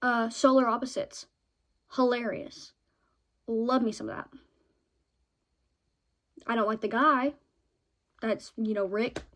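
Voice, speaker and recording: A young woman vlogging in a chatty, excitable way about her favorite shows and books, often ending points with "okay?". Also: fairly high pitch, slow, pauses often.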